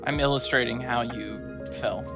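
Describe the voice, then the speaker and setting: Quiet man chiming in over guitar. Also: mid-range voice, fairly even intonation, moderate pace, gravelly. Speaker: streamer co-host. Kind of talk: casual chat.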